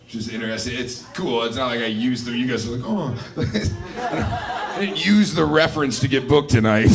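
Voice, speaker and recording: A man's voice: medium pitch, lively intonation, unhurried, far from the mic, a crowd in the background. A man in his twenties doing a profane, rambling stand-up set on a comedy club stage, often laughing at his own jokes. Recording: live club recording with audience laughter. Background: audience laughing.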